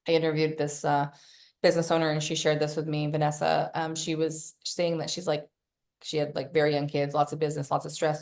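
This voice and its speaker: A woman's voice: low voice, a little mellow. A woman hosting a podcast, giving casual self-help coaching, swearing freely and acting out her own inner voice. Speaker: podcast host.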